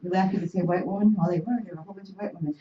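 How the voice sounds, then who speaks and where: A woman from the Oneida Nation, telling an animated, emphatic story to an audience in a university room. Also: lowish voice, very fast, very noisy. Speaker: panel speaker. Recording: roomy, dull room recording.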